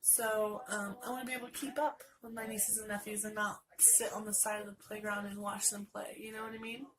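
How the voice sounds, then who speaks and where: Stuffed up from a sinus infection, a woman in her late twenties vlogs a meandering, talkative story to camera, performing the lines of the people she quotes. She speaks a little fast in a level, mid-range voice over a noisy background.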